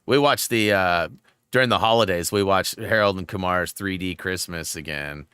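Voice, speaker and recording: A man hosting a gaming live stream, chatting casually and telling rambling, animated stories while he plays. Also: sits low, moderate pace, clear, resonant tone, dry recording, studio quality. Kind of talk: live-stream gameplay chat.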